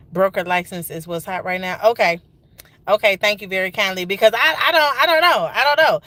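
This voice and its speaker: A woman's voice: a little high, sing-song, a little fast, bright, forceful tone. Emphatic woman with a Georgia accent. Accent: Georgia Southern US. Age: 30s. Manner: emphatic, repeats lines for effect, folksy Southern slang. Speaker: livestreamer. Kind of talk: casual venting monologue.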